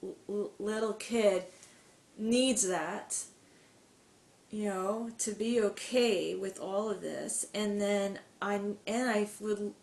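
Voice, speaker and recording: A woman's voice: mid-range voice, slow, vocal fry, a little mellow. A woman guest in a casual interview, speaking earnestly with frequent stuttered repetitions and blocks. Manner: earnest and emotional. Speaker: podcast guest, musician. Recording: echoey room with faint background noise.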